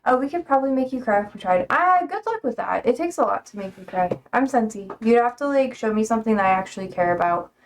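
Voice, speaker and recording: Young female streamer with a slightly high voice, teasing and chatty, talking to viewers from home. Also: animated, quick pace, hardly any pauses, a little hiss or hum. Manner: playful and self-described sassy, frequent laughs. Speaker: livestream host. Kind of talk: casual chat with viewers. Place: home, indoors.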